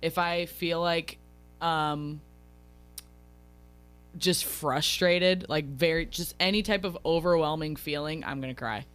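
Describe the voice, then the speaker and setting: Chatty animated radio co-host woman. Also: sits low, slow pace, clear, resonant tone, faint music behind. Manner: animated, acts out others' lines in quotes. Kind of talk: casual radio banter. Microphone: studio radio mic.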